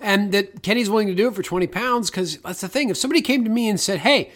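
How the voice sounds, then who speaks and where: A man co-hosting a podcast in casual chat, animated and jokey, with free swearing. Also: high-pitched, quick pace. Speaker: podcast co-host.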